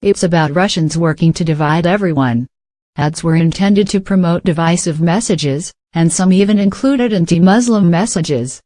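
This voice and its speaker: A man's voice: fairly high pitch, moderate pace, warm tone, dry recording. A man from Africa hosting a late-night comedy show, delivering a scripted monologue and playing the dry, incredulous straight man.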